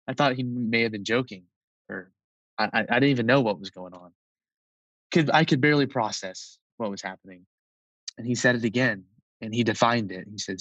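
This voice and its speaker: A man of twenty-one, a podcast guest, telling a personal story in a relaxed, chatty way with frequent fillers. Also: fairly low pitch, moderate pace, dry recording, low-quality recording.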